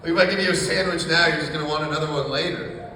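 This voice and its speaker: A man doing a stand-up set in a small coffee shop, telling dark jokes in a deadpan way with plenty of swearing. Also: fairly high pitch, fast, heavy reverb, long reverb tail, far from the mic, noisy background. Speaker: stand-up comedian.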